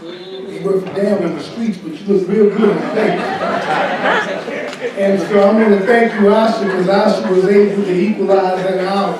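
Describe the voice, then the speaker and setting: A man's voice: high voice, steady tone, normal speed, crowd noise. A man who is a pastor, giving candid, informal remarks on a panel at a summit. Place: conference room at a summit. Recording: echoey hall, from far off.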